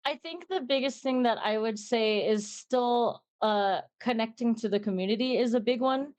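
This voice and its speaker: A woman's voice: on the high side, normal speed, a little mellow, clean tone. A young woman streamer chatting casually in an interview, rambling and acting out little conversations in a lifted voice.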